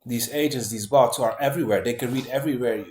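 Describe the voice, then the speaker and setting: A man's voice: mid-range voice, quick pace, darkish tone, reverberant, a little hiss or hum. A man talking casually to his viewers in a rambling way, full of fillers, restarts and "man" and "guys". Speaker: vlogger. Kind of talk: casual monologue to camera.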